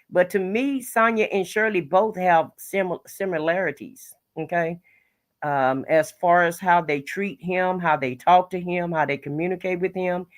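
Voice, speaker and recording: A casual livestream host who reads viewer comments aloud and reacts with blunt opinions, often restarting words mid-sentence. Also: mid-range voice. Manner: frequent restarts and repeated words. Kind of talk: casual live chat commentary.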